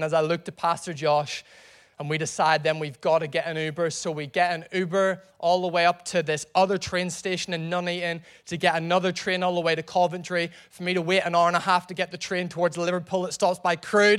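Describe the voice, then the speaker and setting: Animated preacher man, high voice. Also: normal speed. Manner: animated storytelling preacher with crowd prompts. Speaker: pastor. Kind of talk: sermon.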